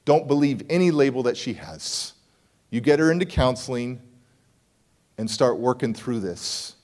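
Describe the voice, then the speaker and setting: A man with a fairly high, slightly mellow voice gives a motivational keynote from a conference hall stage. His storytelling is punchy, driven by repeated key words, and he plays both parties in the conversation.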